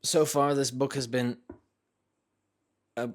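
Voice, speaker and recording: A young man talking casually and thoughtfully to camera, pausing and restarting as he thinks aloud. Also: medium pitch, level tone. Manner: thoughtful, hesitant, with fillers and restarts. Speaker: vlogger. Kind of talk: casual reflective talk to camera.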